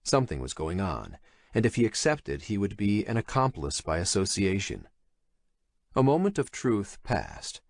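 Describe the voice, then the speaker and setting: A male narrator reading a thriller audiobook in a measured, expressive storytelling manner. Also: fairly low pitch, dry recording. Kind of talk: scripted horror thriller narration.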